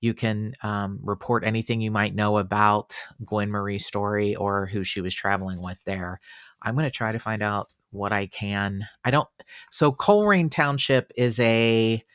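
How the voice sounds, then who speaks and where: A man hosting a casual true-crime podcast, chatty and animated, with fillers and exclamations. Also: fairly low pitch, moderate pace, clear, resonant tone, dry recording, clean studio sound. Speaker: podcast host.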